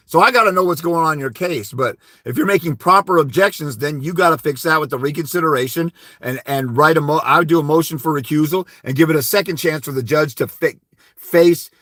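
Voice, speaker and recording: Speaking in a slightly high, fairly bright voice, a man runs a live advice stream on legal matters and insists, bluntly and with emphasis, that listeners take on the court. He parodies meek speakers by mumbling "wah wah." The sound is clean studio audio with no room sound.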